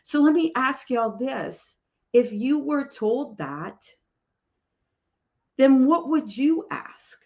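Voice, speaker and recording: A woman's voice: high-pitched, expressive, slow pace, long pauses, a little mellow, highs cut off. A woman, a spiritual medium, telling a personal story in a casual, rambling way, full of "you know" and "like".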